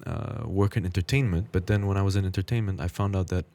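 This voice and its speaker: A podcast host in his thirties talks in a reflective, halting way, working through his thoughts aloud. He is a man with a very low, deep voice. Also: steady tone, warm tone. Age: 30s. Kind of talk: casual conversation.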